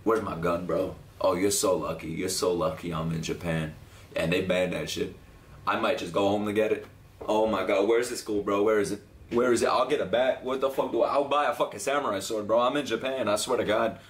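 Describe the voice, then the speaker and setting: A young man reacting to an anime episode, loud and excitable, swearing and shouting at the screen. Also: lowish voice, fairly quick. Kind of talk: live anime reaction commentary.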